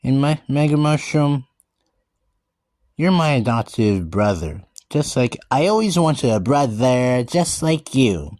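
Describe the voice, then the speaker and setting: An earnest man delivers a slow, in-character monologue, his pitch swinging lively up and down. He stumbles and restarts words as he keeps calling out to everyone. The sound is dry and close, with no room around it. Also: no echo. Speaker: vlogger describing himself as a wildcat.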